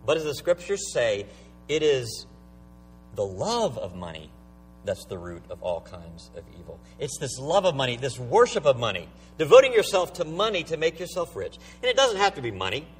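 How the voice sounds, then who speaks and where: A man's voice: medium pitch, very animated, normal speed. A male pastor preaching a sermon, emphatic and driven by rhetorical questions, recorded from a distant mic with a faint hum.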